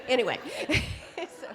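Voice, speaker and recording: Middle-aged woman, conference speaker; bright storytelling delivery, somewhat high pitch, long hall reverb. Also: slow pace, background noise. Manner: lively storytelling with frequent laughs. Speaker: speaker on temperament psychology. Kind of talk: conference talk to an audience.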